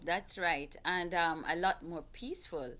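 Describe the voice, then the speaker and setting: Gentle woman giving earnest advice. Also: fairly low pitch, unhurried. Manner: earnest, gentle, repeats herself while coaching. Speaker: talk show host. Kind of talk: casual advice talk.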